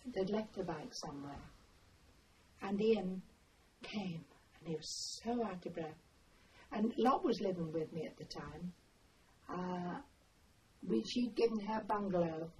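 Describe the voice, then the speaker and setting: An older woman telling her memories in an oral history interview, with an unhurried, meandering way of telling a story. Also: fairly low pitch, darkish tone. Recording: distant mic, faint background noise.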